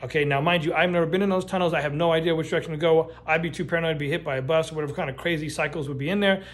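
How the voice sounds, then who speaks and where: A middle-aged man telling a true story in a casual, animated way, swearing often and restarting his sentences. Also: a little high, very fast. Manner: animated, profane, lots of restarts and fillers.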